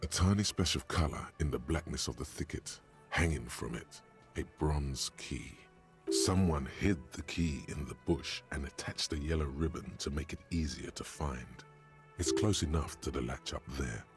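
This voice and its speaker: An actor as a detached, omniscient video game narrator with measured, literary delivery. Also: male voice, very deep voice, over music.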